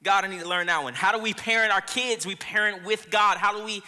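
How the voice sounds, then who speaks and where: Bright-voiced man preaching in a reverberant hall. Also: high-pitched, fast talker, smooth. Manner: casual storytelling with laughs and asides. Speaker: pastor. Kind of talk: sermon. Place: church auditorium.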